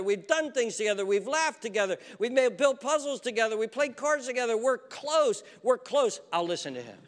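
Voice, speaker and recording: A middle-aged man preaching a sermon with dramatic swings from loud to a hushed near-whisper, repeating phrases for emphasis, recorded in a church hall with a long reverb. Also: extremely high pitch. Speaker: pastor.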